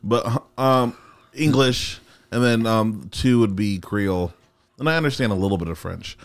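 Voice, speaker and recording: A man's voice: lowish voice, moderate pace. A man of Haitian background in casual podcast chat, easygoing and amused.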